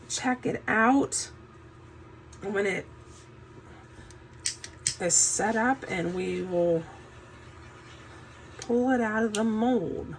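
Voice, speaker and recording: A woman's voice: mid-range voice, a little hiss or hum, low-quality recording. A woman hosting a casual crafting tutorial, chatty and folksy, with a groggy morning voice since she has just woken up. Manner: chatty, folksy, says "um" a lot. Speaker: craft channel host.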